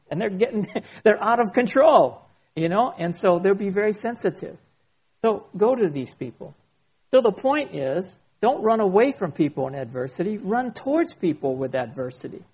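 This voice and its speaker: A man who is a pastor, preaching a sermon and reading scripture aloud slowly and expressively. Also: high voice, a little mellow, breathy edge.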